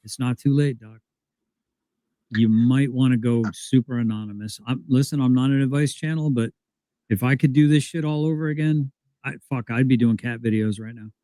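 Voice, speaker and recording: A man co-hosting a livestream in casual talk, blunt and profane, often doubling back on his phrases. His voice sits at a middling pitch, and the recording is close and dry. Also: steady tone, moderate pace, warm tone, no room sound, rough recording. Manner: cautionary, profane, repeats phrases.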